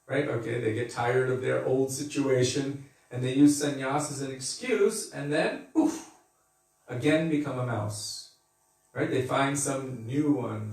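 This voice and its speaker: A man's voice: mid-range voice, vocal fry, a little mellow. Man teaching a scripture class, echoey and distant. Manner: conversational, laughs and acts out quotes. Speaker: spiritual teacher giving a class. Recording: echoey room, mic far off.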